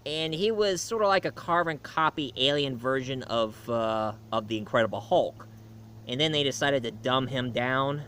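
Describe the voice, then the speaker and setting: A man's voice: medium pitch, moderate pace, a bit bright, a little hiss or hum. A man giving a casual film and comic review, rambling along with many fillers and restarts.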